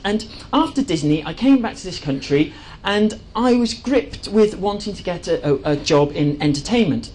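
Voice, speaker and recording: A man's voice: high-pitched, a little mellow, a little hiss or hum, poor audio. A man giving an enthusiastic presentation to a live audience, chatty and full of fillers and restarts. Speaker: speaker at a live talk.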